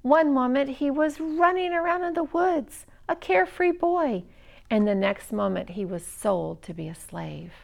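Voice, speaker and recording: Woman reading a kids story, expressive, lots of pauses, slight gravelly fry. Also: high voice. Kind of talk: children's story narration.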